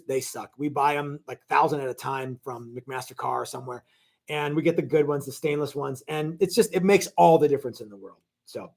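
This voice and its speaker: A man hosts a laid-back live stream from his guitar workshop. His voice sits a little high for a man, and he rambles through viewer questions, restarting sentences, piling on fillers and tossing in jokes. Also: darkish tone. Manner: rambling, chatty, lots of fillers and restarts, joking. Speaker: guitar shop owner hosting a live stream.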